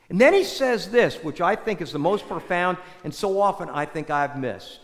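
A man with a high voice preaches in a lively, sweeping way, his pitch climbing and dropping as he talks. He keeps a conversational tone and puts rhetorical questions to the listeners. His voice rings around a large church hall with a long, echoing reverb. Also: moderate pace. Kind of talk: conversational sermon.

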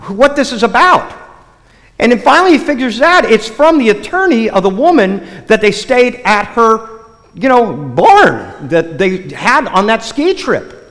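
Guy preaching in church, tells a joke first, stumbles and restarts a lot, big echoey hall. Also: very high voice. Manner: lively storytelling with many restarts. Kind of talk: sermon opening with a joke. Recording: long hall reverb.

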